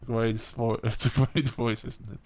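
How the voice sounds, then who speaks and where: A man's voice: medium pitch, flat delivery, unhurried, darkish tone. A man casually commenting on a cozy game while streaming, chatty and laughing, his voice sounding tired. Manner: chatty, laughing, swears offhandedly. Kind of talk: casual let's-play commentary.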